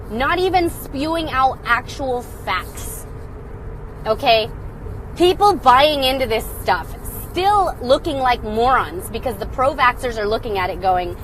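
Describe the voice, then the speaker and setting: Young woman, high voice, animated, sarcastic, mocking, casual live stream commentary. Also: slight background noise, rough recording. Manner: loud and excited. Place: indoors, phone live stream. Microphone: phone.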